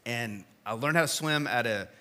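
A male pastor in his thirties preaching a casual, story-driven sermon in a church, swinging between loud emphasis and hushed asides. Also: medium pitch, moderate pace.

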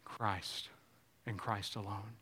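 A pastor preaching a sermon, swinging between loud exclamations and hushed, tender passages. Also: male voice, on the low side, steady tone, takes it slowly, breathy edge. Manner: swings from shouting to hushed tones.

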